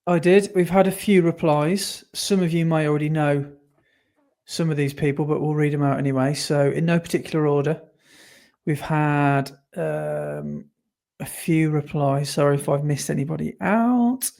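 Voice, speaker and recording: A man's voice: fairly high pitch, fairly even intonation, moderate pace, creaky, darkish tone. Chatty man hosting a running podcast. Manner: chatty, upbeat, many fillers while reading messages. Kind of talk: casual chat.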